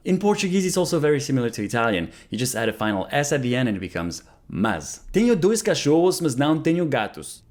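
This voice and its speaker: A man narrating a casual language lesson, repeating phrases slowly after an app. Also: medium pitch, big pitch swings. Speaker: language learner vlogger. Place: Canada.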